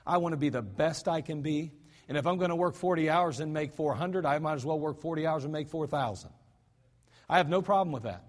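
A man's voice: fairly high pitch, a little fast. An American man preaching a sermon in a church, folksy and self-deprecating, with chatty asides to the congregation. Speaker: pastor. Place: church sanctuary. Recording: hall reverb.

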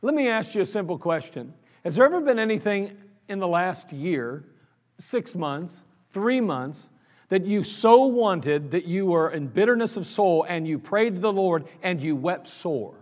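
A man's voice: sits high, highs cut off. A man preaching a sermon as pastor, in an earnest, conversational way with lots of repetition. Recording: long reverb of a large hall.

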